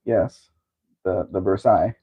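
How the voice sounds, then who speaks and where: On a casual live-stream, a show host from Southern California rambles wryly about old cars, tossing in chatty asides. His voice sits low and a little slow, slightly rough, and the audio is narrow and tinny.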